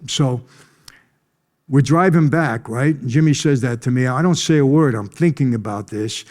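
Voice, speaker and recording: A man on a conference stage recounts a personal story with a mellow, warm tone. He talks emphatically and conversationally, stressing key moments and pausing now and then to clear his throat. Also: mid-range voice, long reverb tail. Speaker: conference speaker.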